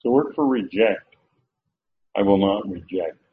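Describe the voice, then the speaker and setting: A man teaching a Bible lesson as a sermon, slow and emphatic, repeating key phrases. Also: fairly low pitch, animated. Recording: tinny phone-like lo-fi recording.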